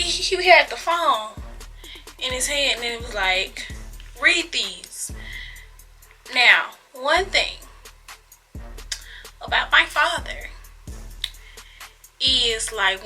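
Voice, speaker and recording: A woman's voice: fairly high pitch, bright, forceful tone, rough recording. A young woman vlogger dramatically retelling a personal story in casual slang, acting out sound effects, recorded on a phone camera. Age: young adult. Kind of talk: storytime vlog.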